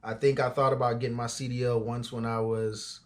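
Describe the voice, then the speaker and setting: Man, 40, small business owner, easygoing storyteller, mid-pitched voice, lots of "you know" and "uh". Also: little pitch movement, a little fast. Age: 40s. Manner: loose and conversational, frequent fillers and asides. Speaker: auto transport business owner. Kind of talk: casual storytelling.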